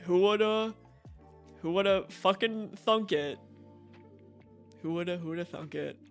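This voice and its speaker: A man's voice: high-pitched, a little slow, a bit bright, faint music behind. A young man streaming from home, chatting casually and swearing freely with frequent laughs. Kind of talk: casual live-stream chat.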